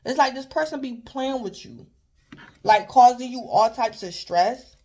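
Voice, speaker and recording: A woman's voice: fairly high pitch, lively intonation, measured pace, darkish tone. Rambling woman giving a tarot reading. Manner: rambling, repeats herself, keeps addressing the listener by star sign. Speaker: tarot reader. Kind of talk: casual tarot reading to a viewer.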